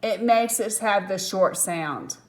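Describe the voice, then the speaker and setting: Slow-talking woman teaching phonics. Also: medium pitch. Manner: patient, step-by-step explaining with asides. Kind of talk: phonics lesson.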